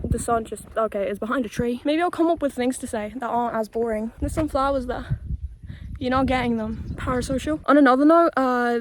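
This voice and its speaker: A young Polish-born woman with a slightly high voice and a British-tinged accent, chatting loosely into a handheld phone on a walk outdoors. She strings her thoughts together with lots of "like" and the odd swear word, in a relaxed, unscripted vlog ramble. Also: slight background noise. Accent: British-tinged English with a Polish background. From Poland. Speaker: vlogger. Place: outdoors on a quiet rural road. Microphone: handheld phone while walking.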